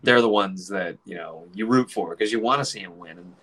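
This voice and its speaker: A man in his forties telling a casual story, animated, swearing freely and acting out other people's voices. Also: sits low, fairly quick, slightly rough.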